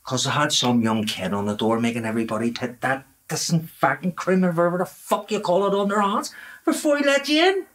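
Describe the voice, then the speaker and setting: An actor playing a grumpy, swearing middle-aged working-class dad with a Belfast accent, grumbling about lockdown rules. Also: male voice, fairly high pitch, animated, a little fast, a bit bright. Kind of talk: comedy drama acting.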